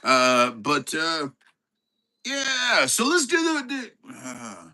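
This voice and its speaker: Male livestream host, chatty, halting delivery full of fillers, bright voice, unhurried but very animated. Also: fairly high pitch, rough recording. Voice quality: halting, many fillers and restarts. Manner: chatty, greets viewers by name, bursts into excited shouts. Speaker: livestream host with his dog. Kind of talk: casual live-stream chat.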